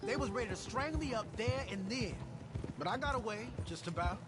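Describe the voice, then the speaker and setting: An actor playing a weary, wry frontier outlaw in a video game, talking in a folksy Old West drawl with loose grammar. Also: male voice, high-pitched, lively intonation, brisk, very noisy. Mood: recounting. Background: game music.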